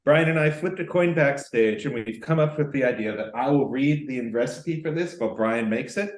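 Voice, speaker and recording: A man's voice: mid-range voice, normal speed, reverberant. A man guest on a casual show, reading out a recipe in an upbeat, explaining way. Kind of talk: casual chat over video call.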